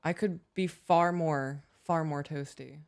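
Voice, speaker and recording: Casual woman co-host, playful and giggly, fairly low voice, teasing herself as she chats on a live stream. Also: fairly even intonation, unhurried, creaky. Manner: playful, giggly, self-mocking. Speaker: podcast co-host.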